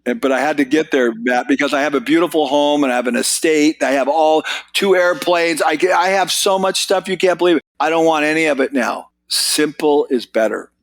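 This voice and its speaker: An American man in his sixties, a podcast guest telling stories in casual chat, his voice jumping up when he gets excited. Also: fairly quick, gravelly, few pauses, dry recording. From United States. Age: 60s. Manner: animated storyteller, pitch jumps when excited. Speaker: podcast guest, business author.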